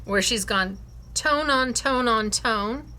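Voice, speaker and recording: A woman's voice: a little high, slow, bright, forceful tone, clean tone. A woman hosting a scrapbooking class, enthusiastically showing and praising her students' cards and laughing often. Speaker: craft class host.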